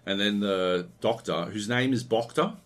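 A man's voice: on the low side, unhurried, slight background noise. A man hosting a podcast, telling a long, profane, rambling anecdote in casual chat. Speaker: podcast host.

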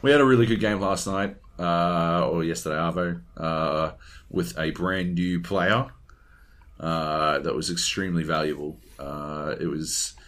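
This gaming podcast co-host has a low-sitting voice and talks a little slowly. He stays animated throughout, cursing without restraint and imitating what others said.

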